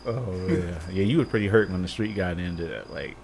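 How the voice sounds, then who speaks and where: A man with a lively, swooping voice, chatting casually on a live-streamed podcast. He tells stories in an animated way and acts out each line of dialogue. A faint hiss of background noise sits under his voice. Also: sits low, moderate pace, gravelly. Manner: animated storyteller, acts out quotes with many "I'm like". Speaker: podcast co-host. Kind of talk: casual chat, storytelling.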